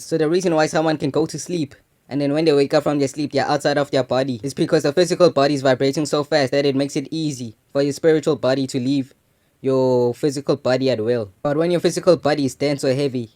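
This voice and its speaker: In a slightly mellow mid-range voice, a young adult man who runs a channel shares a personal story. The talk is loose and full of slang, with casual asides and frequent "you know what I'm saying" fillers.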